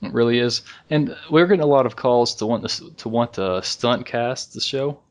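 A man's voice: mid-range voice, normal speed. Easygoing male podcast co-host. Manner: relaxed, rambling with restarts and chuckles. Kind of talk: casual fan podcast chat.

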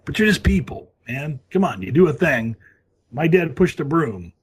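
A middle-aged man guesting on a podcast, talking in a loose comic way and breaking into cartoon impressions and shouts. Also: fairly high pitch, big pitch swings, normal speed, breathy edge.

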